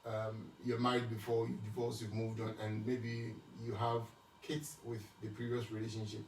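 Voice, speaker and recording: A man's voice: medium pitch, monotone, moderate pace, slight background noise. A man with a Ghanaian accent giving a casual Christian teaching talk on marriage, switching between Twi and English with many restarts and repeated words. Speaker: speaker answering marriage questions. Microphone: distant from the mic. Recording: echoey room, speaker far from the mic.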